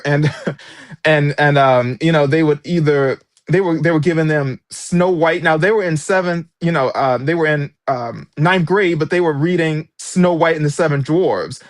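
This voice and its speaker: In a fairly high voice, a man who is an author and former substitute teacher gives an interview, recounting his experiences with emphatic, indignant energy. The recording is studio quality without room sound.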